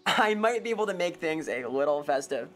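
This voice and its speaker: A woman's voice: deep voice, expressive, brisk. A woman streamer chatting casually while playing a game, talkative, laughing often and answering chat.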